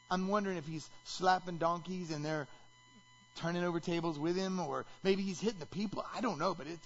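A man preaching a sermon as pastor, animated and rising to shouts when he acts out quotes. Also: fairly high pitch, lo-fi sound.

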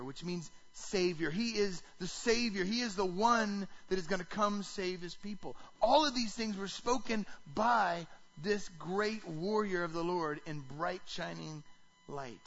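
A man preaching a sermon to a congregation, animated, often asking the listeners questions. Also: high voice, dull audio. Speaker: pastor.

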